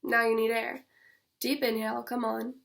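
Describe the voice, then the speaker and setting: An awkward man tries to comfort someone, matter-of-fact and a little clumsy, as a woman reads him. The voice sits fairly high with a gravelly edge. It stays flat, with hardly any rise or fall. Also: moderate pace. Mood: awkwardly soothing.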